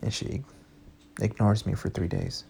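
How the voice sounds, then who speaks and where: A man's voice: lowish voice, wildly swooping pitch, a little slow, gravelly, warm tone, slight background noise. A young man hosting a podcast, telling his breakup story candidly and emotionally, swearing often. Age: young adult. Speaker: podcast host. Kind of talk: casual storytelling.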